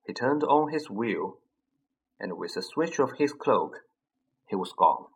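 A man narrating a children's fantasy audiobook in a measured, expressive storytelling manner. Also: medium pitch, husky, rough recording. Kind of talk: scripted narration.

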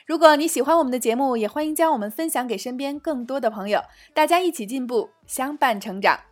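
A woman with a high voice teaches phrases in a scripted lesson. She reads short dialogue lines clearly and carefully, then explains them in Mandarin. Faint music plays under her voice. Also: lively intonation, fast. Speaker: English teacher.

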